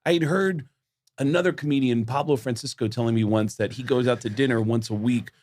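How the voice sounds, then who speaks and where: A man hosting a podcast, telling an animated story and acting out quoted voices in casual chat. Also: medium pitch, fast, no echo, studio quality.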